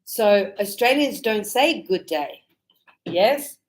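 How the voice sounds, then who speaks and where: A woman teaching an English class, speaking slowly and clearly and acting out greetings as examples. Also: medium pitch, animated, rough recording. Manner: slow, clear, explaining with acted greetings. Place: Australia.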